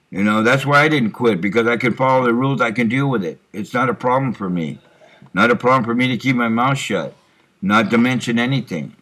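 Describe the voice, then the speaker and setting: A middle-aged man with a somewhat low voice rambles to himself in a self-recorded monologue. He talks like a working truck driver, stopping for fillers and clearing his throat often. He speaks into a computer microphone. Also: fairly bright tone.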